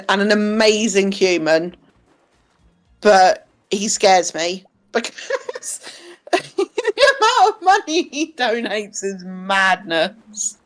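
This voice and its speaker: A young woman chats loosely on a live stream, her voice sitting at an ordinary middle pitch. She laughs a lot and swears casually. Faint music plays underneath. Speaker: stream co-host.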